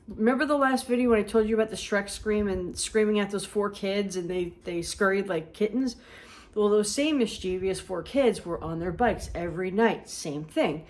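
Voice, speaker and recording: A woman, telling funny personal stories in an animated, chatty, self-mocking way. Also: medium pitch, normal speed. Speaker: storyteller. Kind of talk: casual storytelling.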